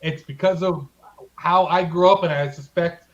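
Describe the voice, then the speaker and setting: This man co-hosts a casual podcast and his voice sits high for a man. The recording is slightly dull and muffled. He gets excited about the subject and stretches out his exclamations. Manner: excitable, relishing food talk with drawn-out exclamations. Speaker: podcast co-host. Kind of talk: casual chat.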